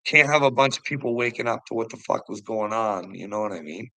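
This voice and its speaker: A middle-aged livestream host rants heatedly to his chat, swearing a lot and laughing often, in a fairly low, sharp voice at a fairly quick pace. The recording is low quality, with no room sound.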